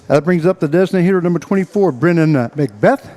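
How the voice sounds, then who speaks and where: A man calls a baseball game on the radio, slightly out of breath as he talks. His voice sits a bit high for a man, and his play-by-play comes in halting bursts packed with uhs and restarts. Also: animated, warm tone. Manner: halting, filler-heavy play-by-play with frequent uhs. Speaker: play-by-play announcer.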